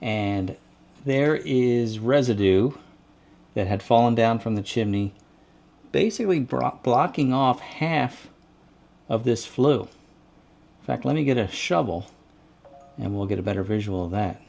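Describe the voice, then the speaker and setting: A man's voice: medium pitch, expressive, measured pace, vocal fry, pauses often, a little mellow. A man hosting his own home-repair video, explaining each step plainly and thinking aloud as he works. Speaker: DIY channel host. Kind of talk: casual how-to narration.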